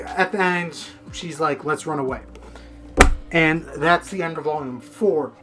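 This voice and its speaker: A man's voice: a little high, fairly bright tone. A man casually reviewing a manga in a rambling, profane, unfiltered way.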